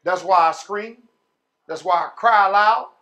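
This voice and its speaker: High-voiced preacher swinging from shouts to murmurs. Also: male voice, dull audio. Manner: preaching with sudden shouts and drawn-out words; folksy, calls the congregation y'all and man. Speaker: pastor. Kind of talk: sermon.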